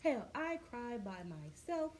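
Young woman, blunt and wry, mid-pitched casual talker. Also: normal speed. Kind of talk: casual group chat.

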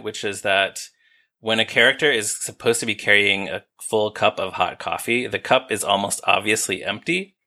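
A man's voice: on the low side, pushed and bright. A man co-hosting a podcast, telling amused, laid-back stories about TV. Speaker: podcast co-host. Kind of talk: casual chat about TV.

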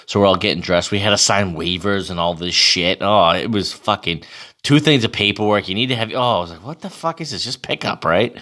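A man in his thirties telling a casual, profane, animated story about himself. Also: low voice. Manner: profane, animated, self-mocking.

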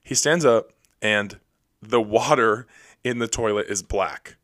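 Young male podcast host, lowish voice, rapid rambling solo chat, dry booth sound. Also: a bit bright, no room sound. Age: young adult. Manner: rapid, rambling, self-deprecating. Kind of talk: casual solo storytelling. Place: recording alone.

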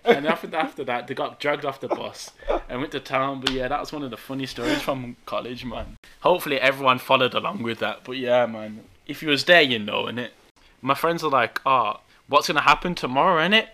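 A young man with a Birmingham accent telling a story in animated, slangy casual chat, often laughing. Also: medium pitch, a little fast, a little hiss or hum. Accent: Birmingham English. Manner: animated, laughing, street slang, frequent tag questions. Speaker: guest storyteller.

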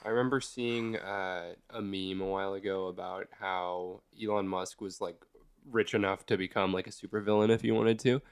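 Male podcast guest, smooth low voice, easygoing, dry booth sound. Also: fairly even intonation, normal speed, no room sound. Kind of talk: casual chat.

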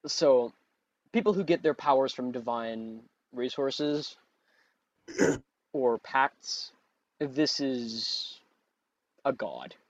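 A man's voice: medium pitch, extremely slow, pauses often, dry recording, highs cut off. A man running a tabletop game as game master, narrating scenes and patiently explaining rules, correcting himself as he goes.

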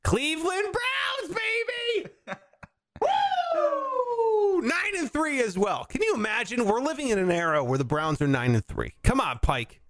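A man co-hosting a casual chat, animated and prone to loud excited shouts. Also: sits high, brisk, few pauses. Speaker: podcast co-host.

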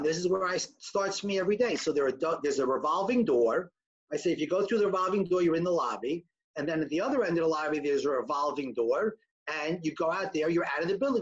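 A man with a rather high voice gives a personal testimony talk with slides, recounting events earnestly. He acts out the quoted dialogue by lifting his voice. The recording sounds somewhat dull and lo-fi. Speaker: survivor telling his story to an audience.

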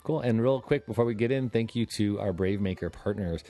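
A man hosting a podcast in casual chat, upbeat and jokey, with quick asides. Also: lowish voice, warm tone, soft background music. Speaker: podcast host.

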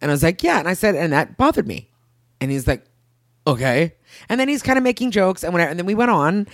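A woman in her thirties chatting casually as a podcast co-host, acting out quotes with big jumps in pitch. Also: sing-song, quick pace, no echo, clean studio sound. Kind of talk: casual chat.

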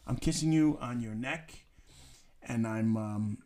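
A man's voice: medium pitch, a little slow, a little mellow. A man hosting a talk show, joking and teasing his caller in a crude, playful way. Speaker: radio show host. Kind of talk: crude comedic banter.

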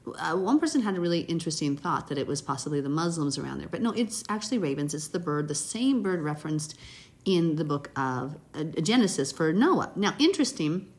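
A woman reads scripture aloud and breaks off into heartfelt, conversational commentary. Her voice sits a little low, with a soft, breathy edge. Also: expressive, fairly quick. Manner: warm, chatty, reads scripture with brief emotive asides. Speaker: Bible teacher. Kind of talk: casual Bible reading and commentary.

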